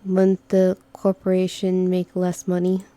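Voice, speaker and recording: Brief: woman reading as a dry, sarcastic young operative, slow and mellow. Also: lowish voice, completely flat delivery, dry recording, natural voice. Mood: wry. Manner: wry, sarcastic.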